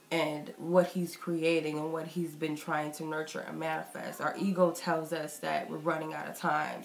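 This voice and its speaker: A woman's voice: low voice, vocal fry. A woman giving a casual, rambling tarot reading. She says she is getting sick and is a little out of breath. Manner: chatty and reflective, loose rambling phrasing. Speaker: tarot reader. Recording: echoey room with faint noise.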